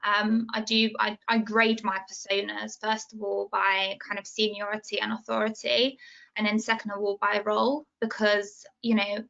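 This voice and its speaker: Breathless bright-voiced woman on a panel. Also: mid-range voice, flat delivery, creaky, lo-fi sound. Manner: passionate, quick and talkative. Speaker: sales development rep, panelist. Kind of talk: casual panel discussion.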